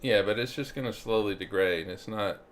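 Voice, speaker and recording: A man co-host with a very deep voice jokes dryly through casual banter on a live stream. His delivery stays relaxed and conversational. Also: normal speed. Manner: dry joking banter. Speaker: podcast co-host.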